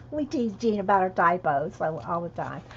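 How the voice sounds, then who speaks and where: A woman's voice: medium pitch, bright, forceful tone, husky. A woman chatting casually on a livestream, laughing often and answering viewers. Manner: chatty, laughing, reads chat aloud. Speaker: coloring livestream host. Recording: dull lo-fi stream audio.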